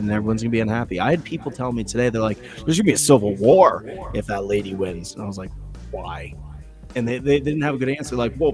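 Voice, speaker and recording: A man from the United States hosting a casual, profane chat and acting out funny quotes. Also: lowish voice. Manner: animated, profane, acts out quotes.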